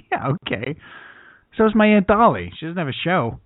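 A man's voice: sits high, sing-song, normal speed, dry recording. A man co-hosting a comedy podcast, riffing in casual banter and laughing often. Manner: giggly, riffing. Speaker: podcast co-host. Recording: dry, phone-like sound.

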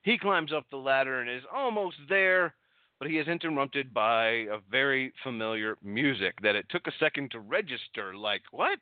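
A man's voice: medium pitch, expressive, normal speed, no echo. A man hosting a wrestling recap show, rambling casually and sarcastically, with frequent swearing. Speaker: podcast host recapping wrestling. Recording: dry, thin phone-like audio.

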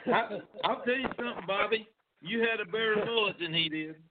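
A man's voice: high-pitched, fairly quick, crowd noise. A man in casual chat, joking and teasing the others with banter. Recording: phone-like line.

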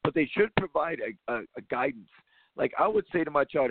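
Here the basketball coach and show host talks in a brisk, expressive voice on the high side, creaky with a breathy edge. His casual monologue rambles and restarts often, full of emphasis, and the tinny phone-like line is dry with no room sound.

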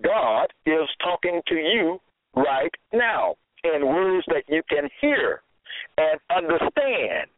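A man preaching a sermon slowly and emphatically, his pitch swinging widely as he stresses words. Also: big pitch swings, no echo. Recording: tinny phone line, dry.

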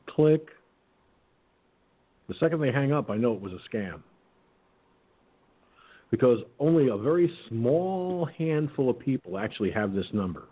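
A man's voice: medium pitch, husky. A man hosting a call-in radio show, telling stories in a blunt, profane way, over a phone-like line. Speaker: talk radio host.

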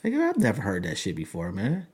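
A man's voice: lowish voice, huge pitch swings, fairly quick, slightly rough. A man hosting a casual radio interview, asking blunt questions and joking around. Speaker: podcast host.

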